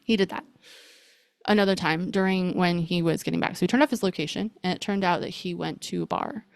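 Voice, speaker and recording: Brief: lower-pitched female podcast host, candid rambling storytelling, dry close sound. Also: a little fast, creaky, no room sound. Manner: casual, rambling, heavy on fillers like "like" and "um".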